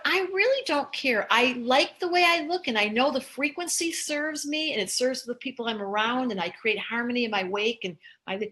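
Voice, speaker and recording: A woman's voice: fairly high pitch, low-quality recording. Chatty older woman astrologer. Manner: chatty, animated, laughs often. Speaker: astrologer host. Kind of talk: casual live-stream talk.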